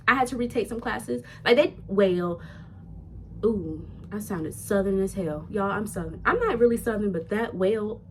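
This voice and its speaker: Young woman vlogging, chatty and real with her viewers, middle-pitched voice, casual talk. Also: slight background noise. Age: young adult. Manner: chatty and candid, addresses viewers as "y'all". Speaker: vlogger, nursing student. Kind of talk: casual talking-head vlog.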